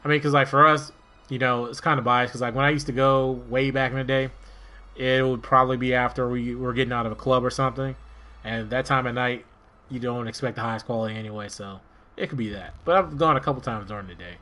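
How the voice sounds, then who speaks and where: A man from Maryland, USA, streams a game and rambles casually to himself as he plays, relaxed throughout. His voice is mid-range and his pace is quick.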